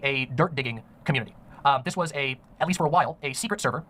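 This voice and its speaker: A man's voice: medium pitch, fast, fairly bright tone. A man narrating a commentary video in an earnest, serious way, with many ums and uhs. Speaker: online commentator.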